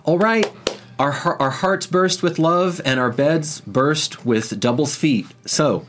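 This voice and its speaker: A man voicing a cheerful senior healer woman of a small nonhuman folk, speaking in a bubbly, brisk way. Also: fairly high pitch, background noise, voice pushed up.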